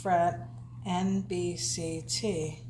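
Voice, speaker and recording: A woman's voice: fairly low pitch, fairly even intonation, extremely slow, a little mellow, slight background noise. A woman co-hosting a live stream, chatting casually and reading viewer comments aloud. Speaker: co-host reading live chat.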